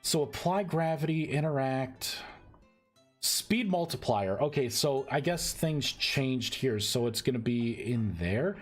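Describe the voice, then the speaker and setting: A man streaming live as he codes a game mod, thinking aloud in a halting way and often repeating words. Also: mid-range voice, expressive, faint music behind. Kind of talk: live-stream coding commentary.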